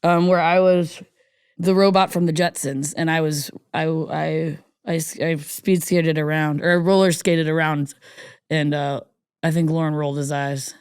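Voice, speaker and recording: A comedian chats as a podcast guest in a mid-pitched voice. They tell loose, playful stories and slip into acted-out voices for the people in them. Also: fairly even intonation, unhurried, clean tone, dry recording, clean studio sound. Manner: playful storyteller, acts out quoted voices. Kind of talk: casual comedy chat.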